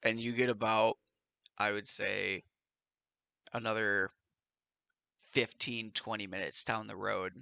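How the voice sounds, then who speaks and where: A man narrating a tabletop game as game master, in slow, lively storytelling with the odd shouted character line. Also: fairly low pitch, vocal fry, smooth, no echo.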